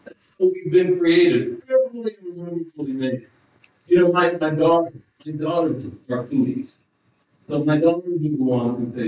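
A man preaching a sermon in a church, telling a story with halting restarts and rising emphasis. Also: a little high, dark tone. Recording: distant, roomy, muffled hall sound.

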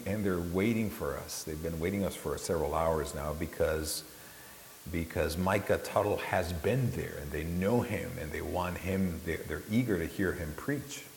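A man preaching a sermon at an unhurried pace in a lowish voice, swinging between quiet, hushed stretches and sudden loud, high bursts. He often repeats a word as he restarts a phrase. The sound carries a long hall reverb and a faint hiss. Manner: impassioned preaching with big swings in pitch and loudness.

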